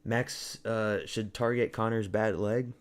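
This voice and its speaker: Man, stream host, casual fight commentary, low voice, loose, profane, chatty. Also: fairly even intonation, slow pace. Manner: rambling, profane, answers chat. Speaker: livestream host.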